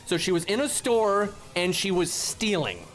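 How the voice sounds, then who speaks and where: A man's voice: sits high, big pitch swings, unhurried, fairly bright tone, faint music behind. A man streaming a game, ranting in casual talk and swearing freely, with a "right?" after nearly every point. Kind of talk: casual live-stream rant.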